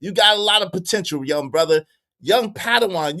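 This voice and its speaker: Animated New man hosting a livestream. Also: high voice, moderate pace. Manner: animated, repetitive banter with frequent laughs. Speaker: livestream host. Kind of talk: casual livestream chat reading the chat.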